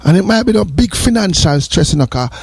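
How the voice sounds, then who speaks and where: A man's voice: high-pitched, animated, brisk, vocal fry, breathy edge, no room sound. Earnest Jamaican man giving morning advice. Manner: earnest and repetitive, drifting between patois and English. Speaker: radio host. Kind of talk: morning radio talk, preachy advice.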